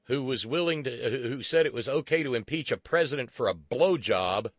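A man's voice: medium pitch, lively intonation, moderate pace, dry recording, clean studio sound. A man hosting a political talk radio show, sarcastic and profane, who stumbles into restarts.

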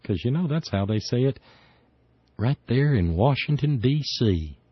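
A man's voice: mid-range voice, expressive, measured pace, slightly rough, no echo. A man hosting a call-in radio show, rambling and opinionated with many restarts. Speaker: radio talk show host. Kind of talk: casual call-in radio talk. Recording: dry, slightly dull studio radio.

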